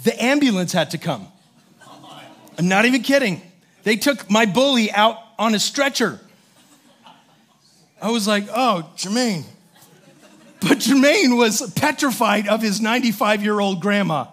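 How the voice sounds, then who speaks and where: A man preaching a sermon as a pastor, telling a story in an animated way and acting out the voices of the people in it. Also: high voice, normal speed, pauses often. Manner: animated storyteller, acts out voices, many fillers.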